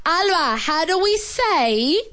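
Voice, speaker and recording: Very high, lively woman teaching children. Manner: encouraging, praises often, repeats words slowly and clearly; switches between English and Spanish. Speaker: radio host and English teacher for children. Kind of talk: classroom quiz and vocabulary drill. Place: primary school classroom.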